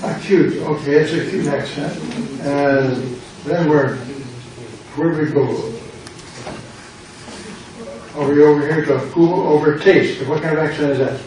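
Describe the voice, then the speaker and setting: A man's voice: fairly high pitch, steady tone, measured pace, pauses often, crowd noise. An older American man, a pastor, teaching a Greek class, quizzing students, repeating words and making playful puns. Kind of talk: classroom lesson with drills. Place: church classroom. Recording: very echoey room, mic far off, noise.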